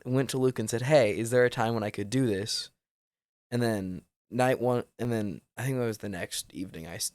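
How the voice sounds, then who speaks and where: A man guest telling a personal story in an earnest, halting way. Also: fairly low pitch, no room sound. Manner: earnest, halting, restarts often.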